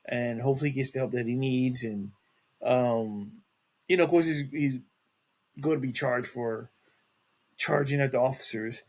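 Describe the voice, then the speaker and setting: A man's voice: mid-range voice, fairly even intonation, normal speed, long pauses, darkish tone. A man hosting a casual celebrity news podcast, talking in a rambling way with many restarts and fillers. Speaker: podcast host.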